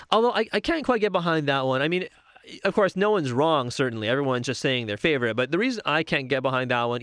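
A man's voice: on the high side, a bit bright, smooth, no room sound, studio quality. A young man chatting casually and enthusiastically on his own, rambling and correcting himself as he goes. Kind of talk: casual solo talk about favorite movies.

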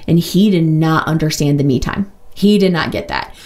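A woman hosting a podcast, talking openly and casually about her own life, with lots of "like" and quick asides. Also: sits low, animated, a little mellow. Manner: open, chatty, full of "like" and quick asides. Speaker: podcast host. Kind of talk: candid personal monologue.

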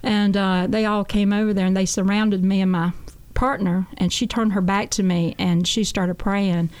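A woman's voice: medium pitch, steady tone, moderate pace, a little mellow, clear, resonant tone. A woman guest on a talk show, telling her testimony in an earnest, folksy way and often repeating "I said.". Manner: earnest, folksy storytelling with a lot of "I said".

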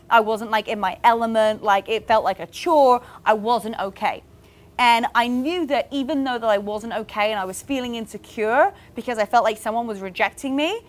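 A woman podcast host talks to her listeners in a loose, candid chat, full of "like" fillers. Her voice sits a little higher than most women's. She sounds encouraging and speaks to them directly. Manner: chatty and candid, many "like" fillers. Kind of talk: casual motivational podcast talk.

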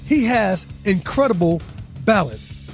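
Brief: male radio analyst, very high, bouncy, emphatic. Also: takes it slowly, soft background music. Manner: emphatic, excited, playful slang. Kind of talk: interview.

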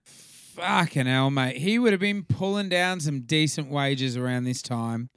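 A man's voice: medium pitch, a little slow, fairly bright tone, smooth, no room sound, studio quality. An Australian man co-hosting a podcast, chatting casually, swearing freely and laughing often. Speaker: podcast co-host. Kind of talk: casual chat.

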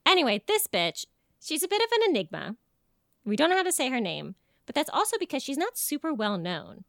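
A woman's voice: high-pitched, fairly quick, gravelly, no room sound. A young woman co-hosting a casual podcast, mixing folklore with crude jokes. Her voice bounces through a wide melodic range. The recording is close and dry. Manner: animated, jokey, swearing storyteller. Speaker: podcast co-host.

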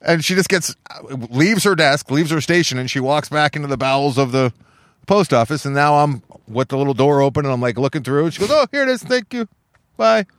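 A man hosting a casual podcast talks quickly and rambles through a story, slipping into other people's lines as he tells it. His voice sits in a middle pitch. It is recorded close and dry. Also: no room sound. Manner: rambling storyteller, acts out quotes. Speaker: podcast host. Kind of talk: casual chat.

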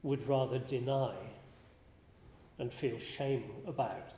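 A man giving a contemplative spiritual talk, speaking slowly and reflectively, often pausing and restarting his phrases. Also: mid-range voice, steady tone, mellow, slight background noise. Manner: slow and reflective, with frequent restarts and pauses. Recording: roomy hall with long reverb.

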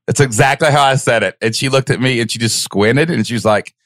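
Excitedly telling his story as a podcast guest, a man speaks a little fast and jumps widely in pitch to act out others' words. The recording is dry and studio quality.

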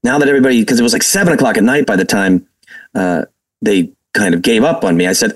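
A man from Massachusetts, a guest actor telling animated stories in a casual interview. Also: fairly low pitch, fast, far from the mic, low-quality recording. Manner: animated, quotes people in their voices, laughs while telling stories.

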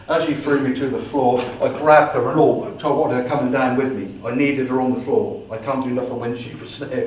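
A man tells a story to a meeting, acting out the voices in his tale with lively energy. His voice is middle-pitched, and the recording catches him from a distance in a very echoey room with faint ambient hiss. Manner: animated storyteller acting out his own dialogue. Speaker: paranormal investigator giving a talk. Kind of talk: storytelling talk to a society meeting.

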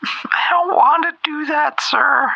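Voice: high-pitched, slow pace, gravelly, dull audio, heavily acted. A performer voicing a timid young drive-thru worker who stammers, hesitates and keeps saying sir, close to tears, heard through a drive-thru speaker. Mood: tearful. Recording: loud noisy line with clicks.

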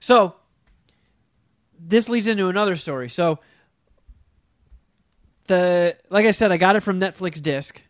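Man with a high voice, casual profane storytelling, animated impressions, dry studio sound. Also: a little slow, long pauses, no room sound. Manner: animated, profane, mimics people in his story.

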